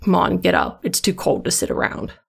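A woman's voice: lowish voice, moderate pace, creaky. A woman voicing a grumpy, protective male monster hunter who curses constantly and talks bluntly. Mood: grumbling.

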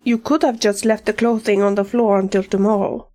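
A woman voicing a gentle, earnest young male monster hunter who speaks softly and hesitantly. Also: mid-range voice, little pitch movement, a little fast, close to an everyday voice. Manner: soft, hesitant and sincere.

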